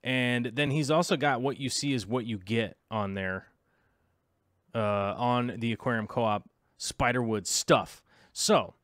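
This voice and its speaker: A man's voice: mid-range voice, no room sound, studio quality. A man chatting casually in a vlog, rambling and scatterbrained as he interrupts himself while looking things up. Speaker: aquarium hobby vlogger. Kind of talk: casual vlog chat while browsing links.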